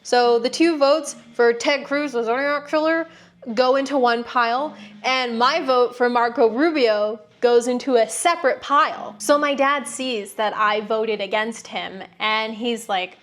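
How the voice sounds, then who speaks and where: A woman's voice: fairly high pitch, measured pace, fairly bright tone. Sarcastic, frank young woman. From United States. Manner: frank, sarcastic, swears freely. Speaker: vlogger. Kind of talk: candid personal storytelling.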